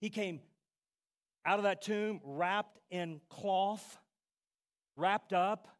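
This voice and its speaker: High-voiced, unhurried man preaching a sermon. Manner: emphatic, repeats key phrases, addresses the congregation directly; voice swings from soft and low to loud cries. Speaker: pastor.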